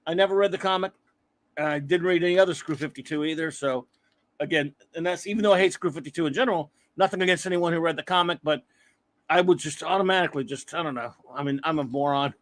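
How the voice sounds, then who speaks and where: A man's voice: fairly high pitch, fairly bright tone. A man hosting a casual comics livestream, talking in a rambling, self-deprecating way with many restarts. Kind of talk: casual chat.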